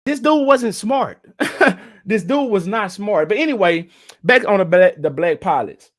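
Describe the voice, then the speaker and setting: A man's voice: high-pitched, animated, measured pace. Blunt, laughing man hosting a stream. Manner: blunt, laughs often, mocks what he disagrees with. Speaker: livestream commentary host. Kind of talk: casual commentary, reacting to viewer comments.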